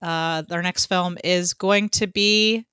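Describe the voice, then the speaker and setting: A woman co-hosting a casual podcast, chatty and excitable, swearing casually and jumping up in pitch when excited. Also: slow, clear, resonant tone, dry recording, clean studio sound. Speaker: podcast co-host. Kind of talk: casual chat.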